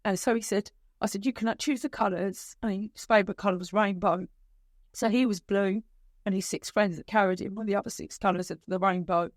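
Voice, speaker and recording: A middle-aged woman, a guest on a podcast, telling her story emotionally, with halting restarts. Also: mid-range voice, steady tone, dry recording, studio quality. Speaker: guest, bereaved mother. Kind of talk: podcast conversation.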